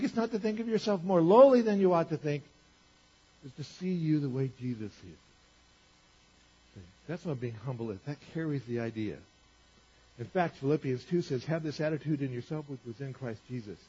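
A male pastor preaching a sermon in a conversational way, repeating phrases and rising in pitch for emphasis. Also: fairly quick, dark tone, husky. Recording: dull lo-fi recording.

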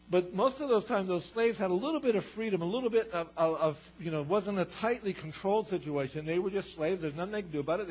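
A man's voice: on the high side, a little mellow, slightly rough, muffled recording. A man preaching a sermon as pastor, conversational, asking the congregation rhetorical questions.

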